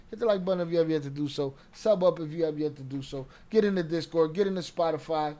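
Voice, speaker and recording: Man, casual commentary, slangy, profane, slightly high pitch. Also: fast talker, hardly any pauses, mellow. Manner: loose slangy talk with profanity. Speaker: commentary streamer.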